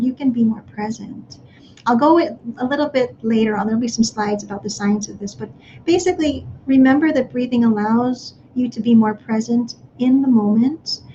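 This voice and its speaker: A woman speaking to parents in a live online workshop, gently guiding them through breathing exercises. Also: fairly high pitch, lo-fi sound, a little hiss or hum.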